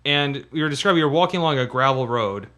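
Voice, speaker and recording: A man's voice: medium pitch, animated, fast, bright, forceful tone. A man co-hosting a podcast in casual chat, rambling with restarts. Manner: rambling, with many restarts and fillers. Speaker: podcast co-host.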